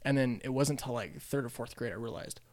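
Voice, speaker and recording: A young man telling stories in casual chat as a podcast guest, animated and laughing often as he acts out quotes. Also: medium pitch, a little fast.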